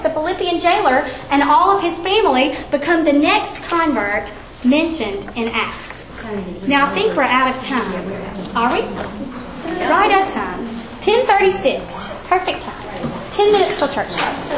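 Woman, high voice, lively Bible-study teacher, echoey church room, faint noise. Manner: animated storytelling, acts out quoted voices. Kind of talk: Bible lesson and closing prayer.

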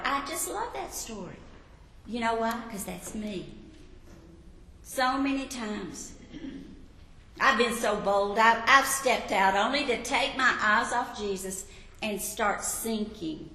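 A woman's voice: on the high side, slight background noise. A woman teaching a sermon, telling Bible stories and asking the listeners questions. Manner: warm storytelling, asks the listeners questions. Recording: echoey hall with long reverb.

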